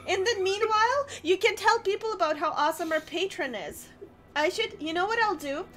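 A woman's voice: very high-pitched, lively intonation, brisk, fairly bright tone, a little hiss or hum. A woman hosting a game stream, chatting casually in a giggly, bubbly way and laughing often.

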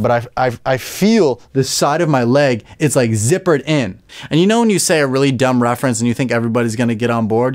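A young male comedian telling a story with lots of swearing, jumping high in pitch for punchlines and acting out the people in it. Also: darkish tone. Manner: rapid, profane, jumps high for punchlines and acts out people. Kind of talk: animated comic storytelling.

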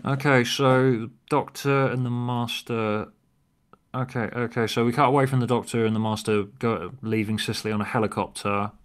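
A man co-hosting a podcast, reading stage directions from a prediction script in a quick, offhand way with fillers. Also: medium pitch, steady tone, slight background noise. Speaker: podcast co-host.

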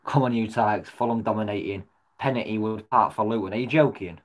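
Swearing football fan reacting live. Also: male voice, on the low side, fairly quick. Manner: swears often, shouts at the referee, swings from mutters to yells.

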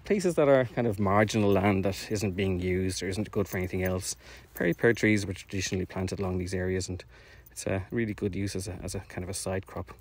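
A man's voice: low-pitched, a little fast, hardly any pauses, no room sound. Chatty man narrating outdoors, a little breathless. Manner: rambling, chatty, self-deprecating, many fillers. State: slightly out of breath from walking. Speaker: orchard project owner streaming drone flights. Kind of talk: casual live-stream vlog narration. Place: outdoors in fields.

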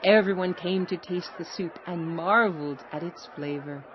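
A woman narrating an animated children's story in an expressive, unhurried manner. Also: on the low side. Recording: slightly dull recording, faint noise.

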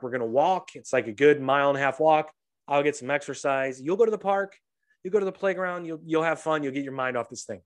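A man and young father telling profane, animated stories on a casual podcast, acting out the voices of the people in them. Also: fairly high pitch, brisk. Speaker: podcast co-host; father of a toddler. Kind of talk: casual storytelling.

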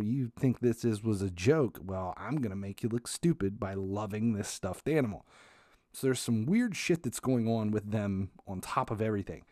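A man hosting a podcast, telling a comic family story in a casual, animated way, swearing, restarting sentences and laughing as he goes. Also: on the low side, dry recording, clean studio sound. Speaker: podcast host.

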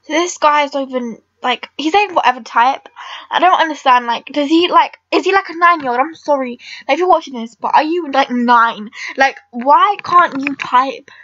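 A woman's voice: high-pitched, moderate pace, pushed and bright, dry recording, highs cut off. A teenage girl chatting casually over her game recording, rambling and blunt with lots of filler words. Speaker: gamer vlogger.

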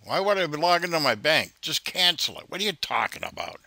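Bright, taunting man on a call. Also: fairly high pitch, very animated, quick pace, vocal fry, no echo. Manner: profane, taunting, exasperated. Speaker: scam baiter. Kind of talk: prank call with a phone scammer.

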